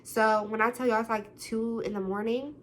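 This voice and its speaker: A woman's voice: a little high, moderate pace, a little hiss or hum. Chatty young woman telling a story. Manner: chatty, slangy, animated retelling with swearing. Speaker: vlogger. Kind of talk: casual storytime.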